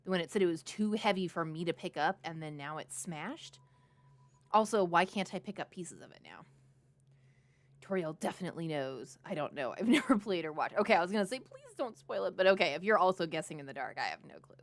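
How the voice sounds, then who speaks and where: A woman's voice: fairly low pitch, animated, fairly quick. A woman from Texas, chatting through a game for her viewers, jumpy and giggly. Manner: jumpy, giggly, talks to chat. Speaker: game streamer. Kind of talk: live game commentary.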